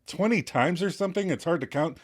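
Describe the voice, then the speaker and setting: A man co-hosting a podcast, retelling a TV episode in a casual, animated way and chuckling as he goes. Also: on the high side, brisk. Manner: animated storytelling, chuckles between lines. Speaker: podcast co-host.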